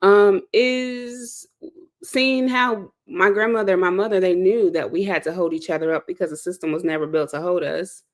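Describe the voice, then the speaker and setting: A woman's voice: on the low side, steady tone, normal speed. A woman from the South Side of Chicago, hosting and speaking in an impassioned monologue with an emphatic, preacher-like delivery that repeats key phrases. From South Side of Chicago, USA. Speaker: host and speaker.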